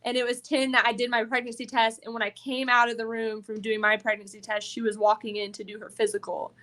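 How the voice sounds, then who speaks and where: Woman fighter guest, fairly high voice, animated and salty, chatty podcast storytelling. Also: fast. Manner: animated, profane storytelling full of "like". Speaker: bare-knuckle fighter guest. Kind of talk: casual podcast interview.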